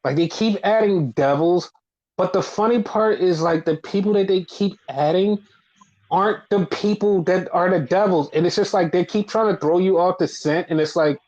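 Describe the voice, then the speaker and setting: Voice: medium pitch, moderate pace, highs cut off. A podcast host recapping wrestling in casual chat, swearing freely and acting out what others said. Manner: animated, swears often, acts out quotes.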